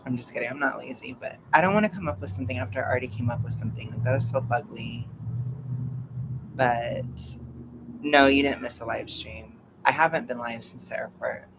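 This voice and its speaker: A young man with a gravelly edge talks casually from home, rambling and poking fun at himself. He laughs often between his thoughts. Faint room noise sits under his voice. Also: mid-range voice. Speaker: vlogger. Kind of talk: casual live-stream chat.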